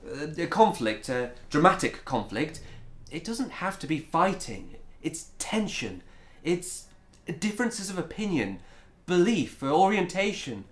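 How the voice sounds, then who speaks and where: A man's voice: fairly high pitch, sing-song, a little slow. Man doing a grieving writer, stammers a lot, echoey room. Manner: hesitant, stammering. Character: grieving, blocked male writer. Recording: roomy echo.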